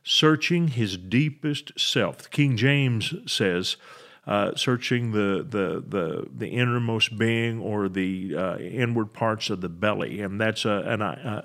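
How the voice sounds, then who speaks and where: Man preaching to his podcast listeners, relaxed and chatty, lots of uhs. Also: on the low side, gravelly. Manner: conversational preaching with frequent fillers and restarts. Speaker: pastor. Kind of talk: sermon on a podcast.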